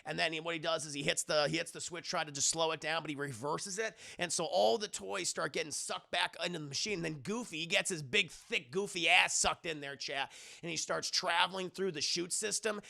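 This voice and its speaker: Bright, gravelly male streamer. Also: on the high side, a little fast, dry recording, studio quality. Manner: rambling, profane, talks to chat. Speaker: streamer reviewing a movie. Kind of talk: casual live-stream commentary.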